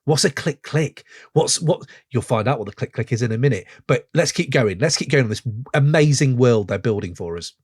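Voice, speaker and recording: A man in his forties hosting a podcast, reviewing a song in an excitable, gushing way full of rambling asides. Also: medium pitch, a little fast, few pauses, husky. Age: 40s. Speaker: podcast host. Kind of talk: casual music review chat.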